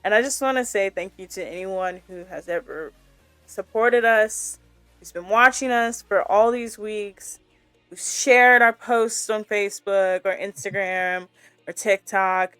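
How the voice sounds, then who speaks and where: A woman co-hosting a sports and pop culture podcast signs off the episode in a bubbly, effusive way, pleading with listeners in casual chat. Her mid-range voice is unhurried, a bit bright and smooth, with no room sound and faint music behind.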